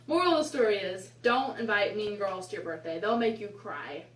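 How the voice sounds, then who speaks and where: A woman's voice: medium pitch, animated, a little slow. A woman in her twenties telling a rambling, casual story about her past, with exasperated asides. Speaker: vlogger. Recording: echoey room, mic at a distance.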